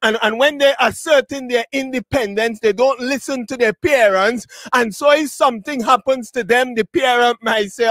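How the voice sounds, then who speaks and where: A man preaching a funeral sermon, addressing the mourners directly, repeating his words and building to shouted, drawn-out phrases. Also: very high-pitched, no room sound. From Tobago.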